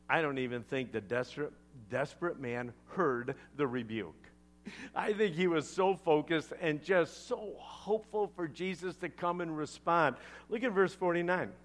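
A male pastor preaching a sermon, retelling a scripture story with animated asides to the congregation. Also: a little high.

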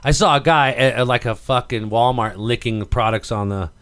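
A man's voice: medium pitch, fairly quick, a bit bright. A man co-hosting a podcast in casual chat. He rambles and jokes, laughs often, and sounds stoned. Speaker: podcast co-host. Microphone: podcast microphone.

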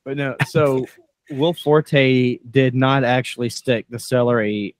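Brief: mid-pitched man, laid-back podcast co-host, dry close sound. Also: level tone, slow, no room sound. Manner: laughs often, retells scenes with quoted lines. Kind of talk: casual movie chat.

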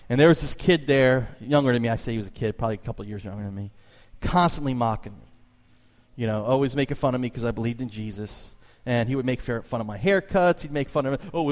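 Animated preacher man in a reverberant hall. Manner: animated storytelling preacher, voice jumps high for emphasis. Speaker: pastor. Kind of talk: sermon. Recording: long reverb of a church hall.

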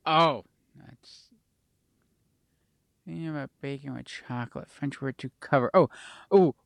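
A man's voice: mid-range voice, steady tone, a little slow, gravelly, a bit bright, no room sound, clean studio sound. A young adult man co-hosting a casual chat show, rambling, swearing casually and losing his train of thought. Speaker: podcast co-host.

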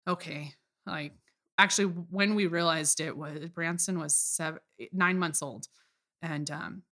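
Woman in her thirties, low pitch, bright tone, candid and halting, casual podcast chat. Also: fairly even intonation. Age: 30s. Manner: candid, laughing, halting with many restarts. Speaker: podcast guest.

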